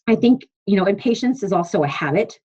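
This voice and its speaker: A woman's voice: mid-range voice, animated, quick pace, a little mellow, slightly rough, highs cut off. A young adult woman coach giving an earnest, emphatic motivational talk on a team call, reading from her notes. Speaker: fitness business coach leading a team call.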